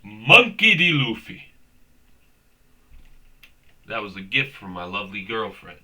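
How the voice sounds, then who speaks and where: A young male host with a lowish, pushed and bright voice talks a little slowly through a comedic rant. The delivery is rambling, profane and slangy, with constant "bro."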